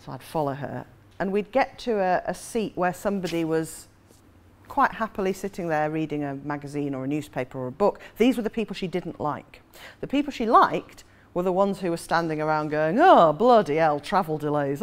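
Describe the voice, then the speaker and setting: Lively woman author in her forties. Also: fairly low pitch, brisk. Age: 40s. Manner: lively, self-mocking, often laughing. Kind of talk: anecdotal storytelling.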